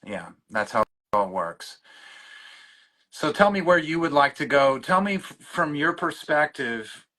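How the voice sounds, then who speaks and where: A man, a guest in recovery, telling his story in a halting way with many restarts, choked up and openly emotional. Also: on the high side, big pitch swings, pushed and bright. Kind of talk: personal storytelling in conversation.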